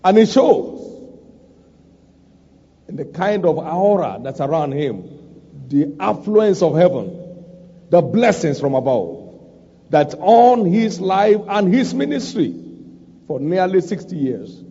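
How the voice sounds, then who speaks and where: Male preacher, high and mellow, emphatic sermon delivery, muffled recording with long reverb. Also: big pitch swings, takes it slowly, long pauses, husky. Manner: emphatic, repeats scripture lines for stress.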